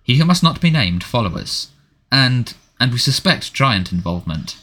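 A man voicing a harried middle-aged male wizard minister who sounds defensive and fretful, talking quickly and pleadingly. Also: medium pitch, very animated, pushed and bright, voice pushed up.

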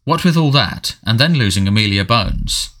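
A man voicing a harried middle-aged male wizard minister who sounds defensive and fretful, talking quickly and pleadingly. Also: medium pitch, lively intonation, fairly bright tone, close to an everyday voice.

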